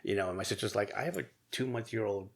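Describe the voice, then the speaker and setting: Low-voiced man telling a candid story. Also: vocal fry, crowd noise. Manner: candid, profane, halting with restarts and laughs. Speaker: podcast guest. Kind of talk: casual storytelling interview.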